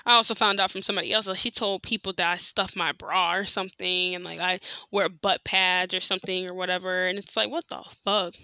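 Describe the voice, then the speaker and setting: A woman tells a personal story the way she would to a friend, candid and blunt and full of profanity. Her voice is bright and sharp-edged, and she leans on "like" and "you know" as she talks. The sound is dry and close. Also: fairly low pitch, fairly even intonation, brisk, hardly any pauses, clear, resonant tone, dry recording. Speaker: podcast host.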